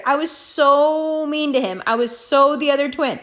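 A woman's voice: sits high, moderate pace, hardly any pauses. A young woman telling a story to her viewers in a casual, profane monologue, acting out both sides of an argument. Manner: profane, animated, acts out both sides of a quarrel.

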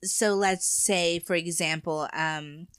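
Bright-voiced woman, chatty and laughing. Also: lowish voice, steady tone, takes it slowly, clear, resonant tone, no room sound, clean studio sound. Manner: chatty, laughs often, hesitant restarts. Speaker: podcast co-host. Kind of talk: casual chat.

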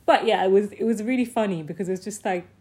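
A woman casually telling a personal story, animated, swearing freely and packing her talk with "like". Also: medium pitch, fast. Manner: often laughs mid-sentence.

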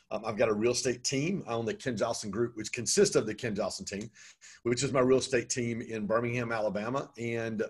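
A man's voice: fairly low pitch, breathy edge. A man talking as an interview guest about his business coaching, chatty and full of ums. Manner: talkative, frequent ums. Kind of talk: conversational interview.

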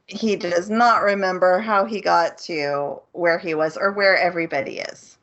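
A woman co-hosting a podcast, recapping a show's plot in a casual, animated way and acting out the characters' lines. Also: lowish voice, moderate pace. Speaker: podcast co-host. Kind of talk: casual chat. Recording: muffled lo-fi audio.

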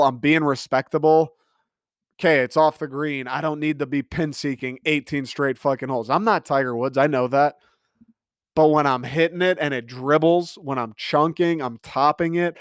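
Man, casual comic ranter with an exasperated, profane edge; smooth, dry close sound. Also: mid-range voice, dry recording. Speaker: storyteller. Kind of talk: casual comedic rant.

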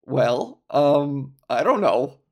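A man's voice: mid-range voice, lively intonation, very slow, a little mellow. A man hosting his own solo podcast, chatting casually in a giggly, rambling, improvised way as a comedian. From Ontario, Canada. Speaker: podcast host.

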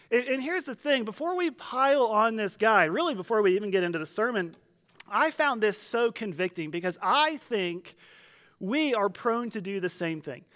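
A man's voice: high voice, a bit bright. A man, a pastor, preaching a conversational sermon, joking and acting out voices from the crowd.

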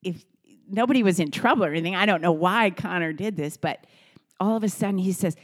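A middle-aged woman talks through family stories at a kitchen table, her voice sitting a little low. she chats easily and jumps up high whenever she quotes someone. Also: brisk. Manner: warm, chatty storyteller who acts out quotes in a high voice. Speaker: host. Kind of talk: casual storytelling.

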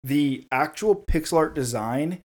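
A man co-hosting a casual podcast about a video game, who gets excited in conversation and reads a passage aloud in a measured storytelling voice. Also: fairly high pitch. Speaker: podcast co-host.

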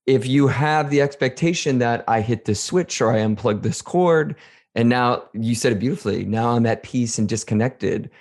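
A man hosting a podcast in casual chat, relaxed and conversational as he reads out listener questions. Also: medium pitch, normal speed. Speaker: podcast host.

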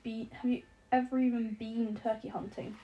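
A woman's voice: on the high side, flat delivery, normal speed, phone-quality sound, a little hiss or hum, natural voice. A woman voicing a jittery, sarcastic young man who talks in exasperated, rambling, profane bursts. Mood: anxious.

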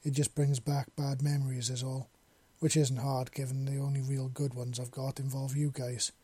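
A wounded young man speaks quietly and softly as a male narrator puts him on. The voice is husky and mellow. The sound is close and dry. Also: medium pitch, little pitch movement, moderate pace, dry recording, close to an everyday voice. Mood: soft, regretful. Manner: quiet, soft, regretful. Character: young human man, soft-spoken and wounded.

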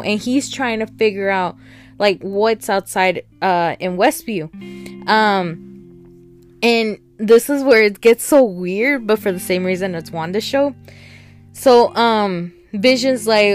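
A chatty woman with a mid-pitched, slightly slow voice rambles through a casual recap and review of a TV episode, slipping into the characters' lines along the way. Soft guitar music plays faintly in the background.

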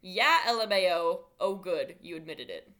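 A woman co-hosting a comedy podcast, reading out quiz questions in a playful, giggly way with deadpan lists. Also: lowish voice, moderate pace. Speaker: podcast co-host, quizmaster. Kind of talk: casual comedic chat.

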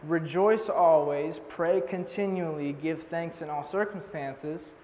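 A man's voice: on the high side, slow pace, a little hiss or hum. A young man preaching a sermon in a casual, joking way, telling stories and teasing out a passage. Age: young adult. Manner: casual, joking, animated storytelling. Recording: long hall reverb.

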